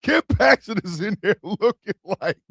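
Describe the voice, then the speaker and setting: A man hosting a comedy show, ranting in a profane, animated way with yelled bursts. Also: high-pitched, normal speed, vocal fry, husky, no echo, studio quality. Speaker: host. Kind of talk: comedic rant commentary.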